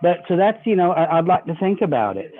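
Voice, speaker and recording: Folksy sales trainer, man, slightly high voice, phone-thin sound. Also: sing-song, fast. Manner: folksy, acts out customer dialogue. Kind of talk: sales training talk with role-played pitches. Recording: tinny phone-like audio.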